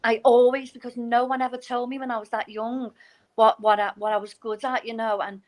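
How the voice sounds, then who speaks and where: A middle-aged woman, a novelist and poetry teacher, is a guest in a casual chat, telling stories with animation and acting out the voices of people she quotes. Her voice is a little high and a little fast, and the audio quality is poor.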